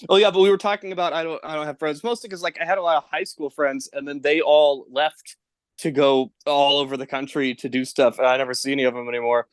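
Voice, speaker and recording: A man's voice: fairly high pitch, fairly even intonation, a little fast, clean tone, dry recording. A young man, a podcast guest, chatting casually and laughing often, with a self-deprecating manner. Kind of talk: casual chat. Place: parents' house.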